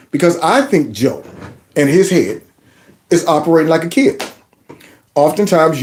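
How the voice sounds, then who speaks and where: Animated mocking male commentator. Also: on the high side. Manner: animated, mocking, repeats phrases in a singsong. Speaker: commentary channel host. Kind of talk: political commentary over clips.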